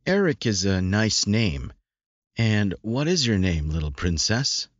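A man voicing a firm, possessive male werewolf who is gentle with a little girl, in a low, steady voice. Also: unhurried, dry recording. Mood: tender. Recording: dry dull lo-fi recording.

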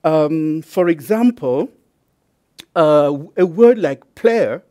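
A man lectures slowly and a little high, pausing often on fillers and repeating words as he explains. His delivery is careful and deliberate. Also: animated, mellow. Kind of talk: university lecture.

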